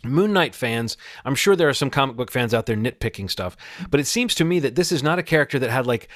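A man of middle pitch hosts a relaxed podcast conversation, talking with eager energy and often restarting his sentences as he thinks aloud. His voice sits right on the mic in a dry room with no echo. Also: quick pace. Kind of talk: casual chat.

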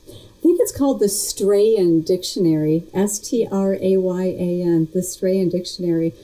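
An American woman with a lowish, dark-toned voice speaks a little slowly in a rough recording. Interviewed remotely as a guest, she chats casually and reflectively, frequently restarting her sentences.

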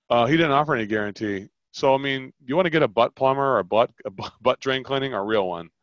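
A man's voice: medium pitch, no room sound. A man coaching a caller on sales, acting out both sides of the conversation. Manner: animated, acts out both sides of a sales call. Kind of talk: coaching call, role-playing sales talk. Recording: dull lo-fi call audio.

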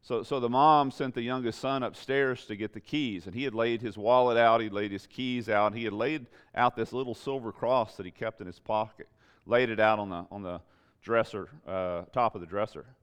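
A man's voice: fairly low pitch, fairly even intonation, normal speed, clean tone. A man preaching a sermon as pastor, building emphatic repeated phrases with rising intensity.

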